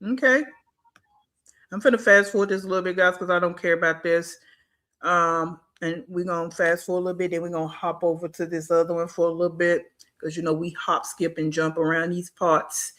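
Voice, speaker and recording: A stream host talks straight to the camera in a casual, slangy way. The voice sits at a middle pitch and drives point after point with blunt, scolding rhetorical questions. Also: level tone, a little fast, fairly bright tone. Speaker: reaction channel host. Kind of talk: casual commentary. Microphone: streaming setup mic.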